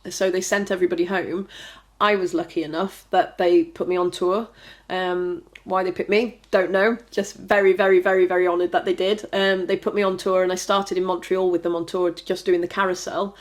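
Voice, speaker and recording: A woman's voice: on the low side, flat delivery, brisk. A woman guest telling her story in a casual interview, chatty and rambling, with many fillers and restarts. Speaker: trick rider, podcast guest.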